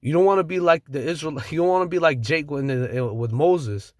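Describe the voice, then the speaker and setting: A man's voice: a little high, fairly quick, no room sound, clean studio sound. A man preaching from scripture, reading verses aloud and then riffing on them in blunt, slangy street talk with the odd chuckle.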